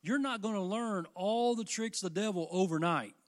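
A man's voice: sits high, normal speed. Fervent older male preacher. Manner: fervent, rising and falling delivery. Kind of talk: sermon.

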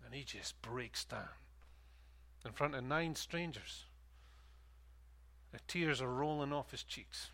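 A man, a pastor preaching a sermon and telling a story, animated and laughing at times. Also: mid-range voice, takes it slowly, creaky, pauses often.

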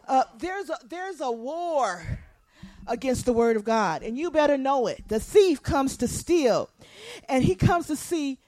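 A woman pastor with a high-pitched voice preaches slowly and with animation, acting out quotes and calling on the congregation to respond.

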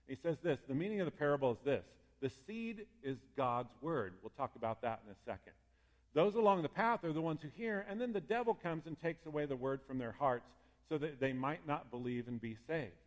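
Lively man preaching in a reverberant hall. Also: on the high side, brisk. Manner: lively and conversational, geeking out with asides. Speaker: pastor. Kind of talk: sermon.

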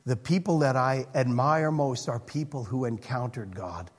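A man preaching a sermon as pastor, earnest, moving between hushed and emphatic passages. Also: mid-range voice, normal speed. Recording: long reverb of a hall.

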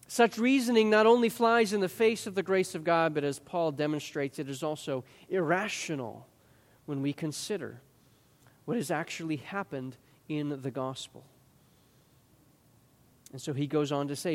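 A man with a notably high voice preaches an expository sermon as pastor. He is earnest and emphatic, doubling words as he restarts a thought. His voice rings with the long reverb of a large church sanctuary. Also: moderate pace.

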